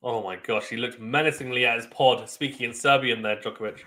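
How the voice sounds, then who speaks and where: Bright-voiced man calling tennis live. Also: mid-range voice, fairly quick. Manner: excitable play-by-play, bursts of loud surprise. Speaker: watchalong host. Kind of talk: live tennis watchalong commentary.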